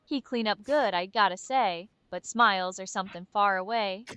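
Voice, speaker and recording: A woman's voice: medium pitch, normal speed, a bit bright, smooth, no room sound, voice pushed down, close to an everyday voice. A synthetic woman's voice playing a grumpy, mocking goblin with slangy talk during game stream banter.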